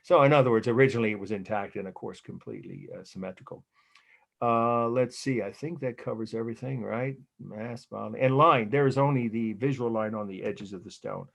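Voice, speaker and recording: An older American man gives a casual art history lecture peppered with anecdotes. His fairly low, slightly bright voice has vocal fry and moves fairly quickly, and he rambles chattily with plenty of fillers and restarts.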